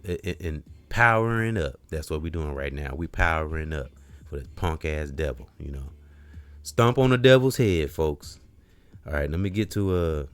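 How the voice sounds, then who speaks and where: A man hosting a podcast, giving a rambling, preacherly motivational talk with casual slang, repeating phrases and swinging from quiet to loud emphasis. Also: a bass voice, dry recording. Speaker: podcast host.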